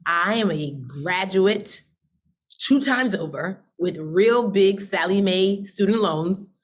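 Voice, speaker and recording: A woman's voice: animated, takes it slowly. A woman in her thirties, a guest telling a personal story with comic flair, acting out her own inner voice and laughing often. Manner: acts out inner voices with big pitch jumps. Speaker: podcast guest. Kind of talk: animated comedic storytelling.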